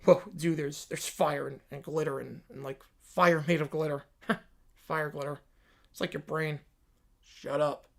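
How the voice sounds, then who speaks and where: A man's voice: a little high, flat delivery, vocal fry, a bit bright, voice pushed down. A man voicing a dim-witted cartoon teenage boy who snickers and drawls dopily. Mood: dopey. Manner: slow, snickering, dopey.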